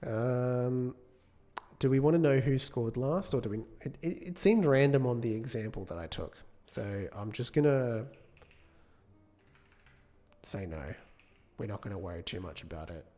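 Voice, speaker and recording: A man's voice: mid-range voice, animated, unhurried, pauses often, mellow. A man gives casual live-coding commentary as a game developer, thinking aloud, correcting himself and chatting with viewers. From United Kingdom. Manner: chats with viewers between tasks.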